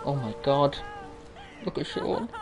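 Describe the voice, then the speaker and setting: A man commentating his gameplay with loud, excitable reactions and swearing. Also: mid-range voice, takes it slowly, music in the background. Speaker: gaming YouTuber. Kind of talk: let's-play commentary.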